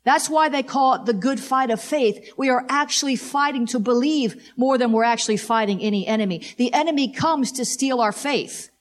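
Emphatic higher-voiced woman preacher. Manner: exclamatory, repetitive, slows down to read scripture emphatically. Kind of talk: sermon.

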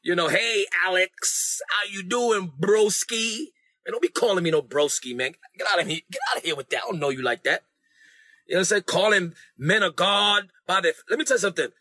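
A man preaching a sermon in a high, lively register, his tone bright and forceful. He presses his points hard and repeats phrases for the crowd to echo back. The sound is close and dry. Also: quick pace.

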